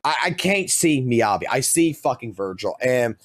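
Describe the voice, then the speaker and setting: A man's voice: medium pitch, very animated, normal speed. A man who streams games, ranting heatedly and swearing constantly. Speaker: game streamer. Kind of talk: profane gaming rant.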